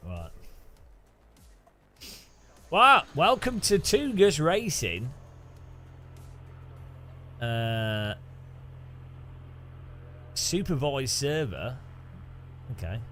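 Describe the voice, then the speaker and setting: A man's voice: medium pitch, sing-song, drawn-out words, long pauses, pushed and bright, a little hiss or hum. A man hosting a casual sim racing gameplay commentary, rambling and joking and laughing often between thoughts. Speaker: sim racing channel host.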